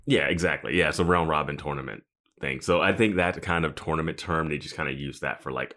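A man's voice: rumbling low, quick pace, a bit bright. A man chatting casually as a podcast co-host, laid-back and often laughing while he quotes characters. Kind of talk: casual TV recap chat.

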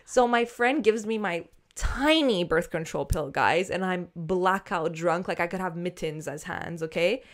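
Chatty woman podcast host, swears a lot, acts out everyone's lines, super animated. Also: medium pitch. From not from Australia. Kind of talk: casual storytelling chat.

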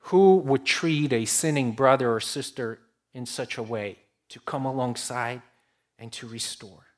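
A man preaching a sermon to his congregation, earnest and warm in delivery, swinging between emphatic rises and soft, drawn-out lines. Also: medium pitch. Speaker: pastor.

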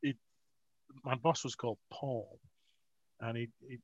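A man's voice: mid-range voice, normal speed, no room sound. Guy rambling through old stories, laughs a lot, dry dull lo-fi sound. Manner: rambling, laughing, self-mocking. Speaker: author, guest. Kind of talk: casual storytelling interview.

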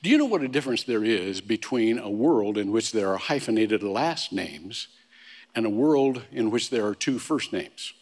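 Male pastor preaching in a church sanctuary, relaxed and anecdotal, repeats and restarts words, with a long reverb tail. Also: lowish voice, normal speed. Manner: conversational storytelling with frequent restarts and humorous asides. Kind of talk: sermon. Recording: long reverb of a large hall.

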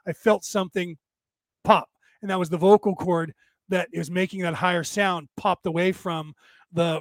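A man's voice: high voice, no room sound. An older man with a worn, damaged-sounding voice, talking at length in a rambling way and often restarting his sentences. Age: older, with graying hair. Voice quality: says his voice is damaged but penetrating. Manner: tired from talking for hours. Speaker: podcast host. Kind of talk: casual monologue.

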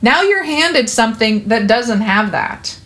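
A woman's voice: a little high, lively intonation, a little slow, fairly bright tone. Woman, parenting guest; earnest, reassuring, conversational. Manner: earnest, reassuring, talks with many fillers. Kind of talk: conversational interview.

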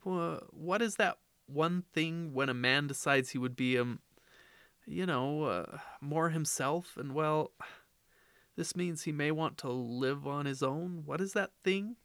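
Man voicing a flustered, rambling mom; pitched up, dry close sound. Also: slow, fairly bright tone, clear, resonant tone, dry recording. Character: flustered mother talking to her young son.

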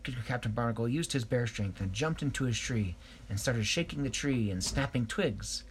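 A man telling an improvised story, hesitant, pausing and correcting himself. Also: medium pitch, animated, a little hiss or hum.

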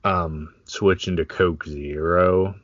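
A man's voice: low voice, fairly even intonation, slow pace, a bit bright, no echo. A man co-hosting a podcast in laid-back, profane casual chat, laughing often. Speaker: podcast co-host. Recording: dull lo-fi sound.

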